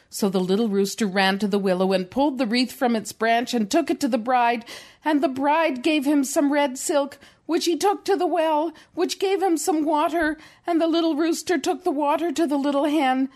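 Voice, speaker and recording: A woman's voice: high-pitched, normal speed, darkish tone. A woman, the host's mother, reading a fairy tale aloud in a dry, matter-of-fact way on a podcast.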